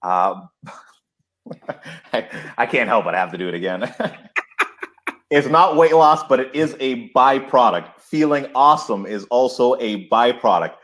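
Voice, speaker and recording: A man speaking as a podcast guest, excited and emphatic, laughing often as he talks. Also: medium pitch, unhurried. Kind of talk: enthusiastic podcast interview.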